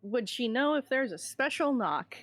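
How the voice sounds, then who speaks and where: A woman's voice: fairly high pitch, expressive, moderate pace, a bit bright, no echo, soft background music. A woman player in a tabletop game, talking in a chatty, self-mocking way. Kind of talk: casual tabletop game play.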